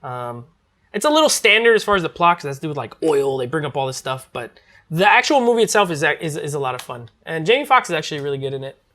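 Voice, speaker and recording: A man's voice: on the high side, sing-song, fast talker, bright, forceful tone. A man reviewing movies in a casual, rambling chat, full of fillers and restarts.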